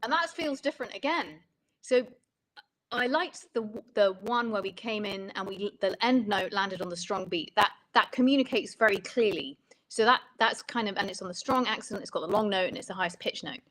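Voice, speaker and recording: A woman's voice: mid-range voice, brisk, fairly bright tone, rough recording. A woman songwriting coach explaining melody and lyric writing in an interview, thoughtful and stopping often to rephrase.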